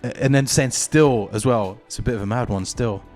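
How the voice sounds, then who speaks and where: A man from London with a London accent, a podcast guest chatting casually in a relaxed, rambling, playful way. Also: mid-range voice, normal speed, faint music behind. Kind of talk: casual chat.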